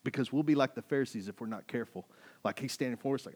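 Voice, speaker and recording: A man's voice: mid-range voice, racing, husky. A man preaching a sermon as a pastor, emphatic and conversational, full of rhetorical questions.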